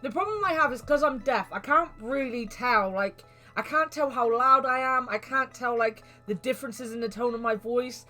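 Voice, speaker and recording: A woman's voice: on the high side, moderate pace, few pauses, soft background music. Rambling woman streamer. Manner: rambling, animated storytelling. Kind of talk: casual game stream chat.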